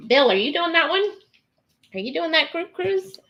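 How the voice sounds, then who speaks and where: A woman's voice: extremely high pitch, sing-song, moderate pace, dull audio. A woman hosting a casual live stream, chatting and reading viewer comments aloud with many ums.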